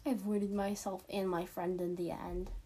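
A woman's voice: mid-range voice, little pitch movement, a little slow, mellow, a little hiss or hum. A teenage girl giving casual, chatty gameplay commentary, giggling and poking fun at herself as she plays. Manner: chatty, giggly, self-mocking. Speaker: gaming streamer.

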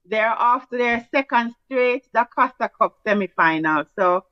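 A Jamaican woman rattles through results in brisk, teasing sports chat. Her voice sits a little high. The sound is dry and a bit muffled, like a lo-fi recording. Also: lively intonation, no room sound. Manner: brisk, teasing, patois-flavoured. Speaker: sports show co-host. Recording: dull lo-fi sound.

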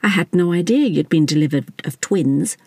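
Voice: medium pitch, animated, normal speed, a little mellow, slightly rough, no echo. A narrator doing a jolly, bold car park attendant. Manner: chirpy, bold.

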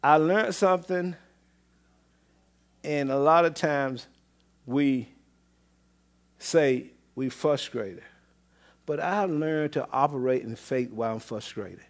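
A man preaching a sermon as pastor, swinging between loud exclamations and low murmurs, with repeated call-outs to the congregation. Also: slow pace, long pauses. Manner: repetitive call-and-response phrasing.

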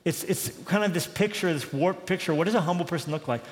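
A man preaches in a loose, conversational style, and his fairly high voice lifts when he acts out dialogue. A long reverb trails behind each phrase, as if he stands in a large hall. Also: fast talker. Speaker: pastor. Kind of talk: sermon.

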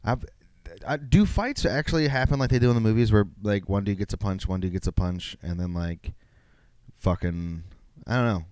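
Solo podcast host, young man: low smooth voice, rambling and foul-mouthed, self-mocking. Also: normal speed, darkish tone, dry recording. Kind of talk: solo casual podcast rant.

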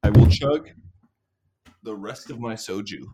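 A man's voice: lowish voice, a little slow, heavy background noise. A man hosting a casual podcast, joking crudely and laughing often. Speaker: podcast host.

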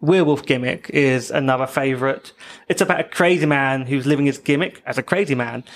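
A man's voice: mid-range voice, a little fast. A man hosting a podcast in casual chat, presenting his picks in an easygoing way with frequent "um"s. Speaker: podcast host.

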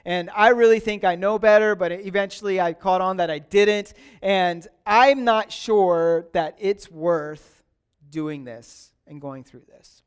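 Male pastor, conversational sermon, higher smooth voice, chatty. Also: measured pace. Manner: chatty, with frequent restarts and "like", asks congregants questions by name.

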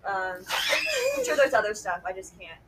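A young woman chatting casually in a group, halting and laughing between thoughts. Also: medium pitch, expressive, recorded from a distance, heavy background noise. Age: young adult.

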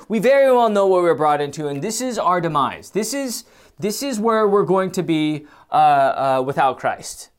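Guy giving a sermon, gets loud and emphatic then drops real quiet, lots of uhs. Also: smooth. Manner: swings from loud emphatic preaching to quiet low musing; hesitant, many fillers and restarts. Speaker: preacher.

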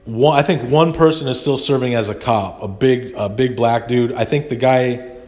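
A man's voice: medium pitch, moderate pace, darkish tone. A man hosting a podcast, talking in a rambling, indignant monologue full of restarts. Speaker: podcast host. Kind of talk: casual monologue.

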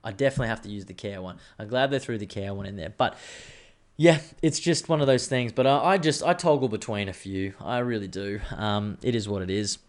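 A man's voice: lowish voice, brisk. A man, hosting a casual solo podcast, chatty and rambling, swearing freely. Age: 30s. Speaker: podcast host.

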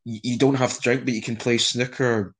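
Young scottish guy just rambling on, swears a lot, keeps restarting, normal pitch. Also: level tone, fairly quick, husky. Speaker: interviewee. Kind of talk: casual conversation.

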